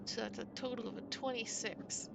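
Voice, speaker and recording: A woman's voice: a little high, normal speed, gravelly, slight background noise, low-quality recording. Giggly woman playing a tabletop game. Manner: giggly, animated, swears casually. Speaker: player. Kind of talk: casual tabletop chat.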